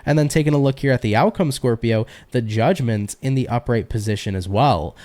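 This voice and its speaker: A man's voice: mid-range voice, fairly quick, a little mellow. A man giving a casual tarot reading to his viewers, chatty and talking to them directly. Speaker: tarot reader.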